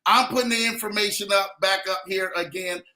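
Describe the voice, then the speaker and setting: A man's voice: high-pitched, fairly even intonation, brisk, bright, forceful tone. A man hosting a livestream show, hyped and repeating phrases as he calls out viewers by name. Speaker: host. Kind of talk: upbeat livestream talk. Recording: roomy echo.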